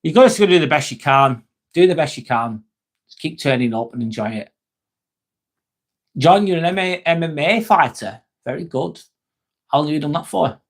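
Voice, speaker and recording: A man's voice: fairly high pitch, lively intonation, moderate pace, long pauses. A man hosting a casual livestream, chatting with viewers, joking and swearing as he answers their messages. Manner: chatty, jokey, swears, talks straight to viewers. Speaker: livestream host reading chat. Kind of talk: casual live-stream chat.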